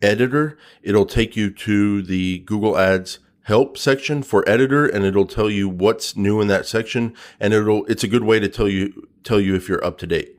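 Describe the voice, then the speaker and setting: A man's voice: on the low side, normal speed, hardly any pauses. A man co-hosting a podcast, chatting casually with a joking, teasing manner. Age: adult with a young son. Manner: joking, teasing, playful banter. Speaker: podcast co-host.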